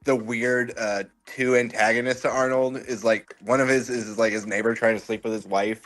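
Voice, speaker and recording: Bright-voiced man chatting as a guest. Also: medium pitch, level tone, normal speed. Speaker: panel guest. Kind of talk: casual panel chat.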